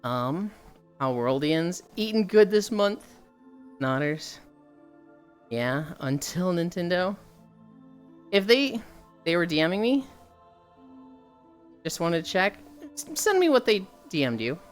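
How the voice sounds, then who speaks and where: A young woman streaming while she walks on a treadmill, telling a story in a casual, animated way with swearing, sounding a little tired. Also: lowish voice, takes it slowly, long pauses, faint music behind. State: slightly tired from walking.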